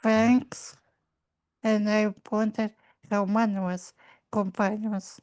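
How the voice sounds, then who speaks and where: A woman, an English speaker, playing a character in a tabletop game with halting, simple phrasing. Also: medium pitch, level tone, darkish tone, clear, resonant tone. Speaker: player.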